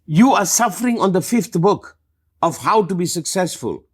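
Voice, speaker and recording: Middle-aged male teacher, husky, very animated intonation, emphatic live talk. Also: moderate pace. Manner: emphatic, passionate, lively swings in pitch and loudness. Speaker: spiritual teacher.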